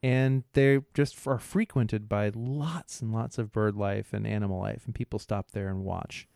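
A man co-hosting a podcast, telling a rambling story in casual chat, halting often, laughing, and imitating bystanders' voices. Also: lowish voice, steady tone, creaky, darkish tone, dry recording, studio quality. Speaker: podcast co-host.

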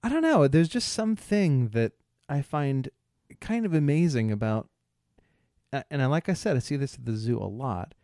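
A man co-hosting a podcast, telling a rambling story in casual chat, halting often, laughing, and imitating bystanders' voices. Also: mid-range voice, sing-song, mellow, dry recording, studio quality. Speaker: podcast co-host.

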